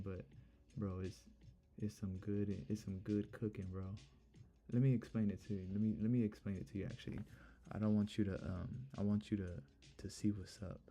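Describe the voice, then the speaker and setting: Chill young guy streaming live, low mellow voice, keeps saying look and bro. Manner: chatty, repeats "look" and "bro". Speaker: livestream trading host. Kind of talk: casual live stream commentary.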